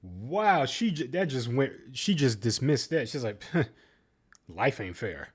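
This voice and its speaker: A man's voice: mid-range voice, big pitch swings, breathy edge. A man hosting a reaction video, commenting casually with frequent ums and uhs and restarts. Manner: halting, many ums and uhs. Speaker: reaction channel host.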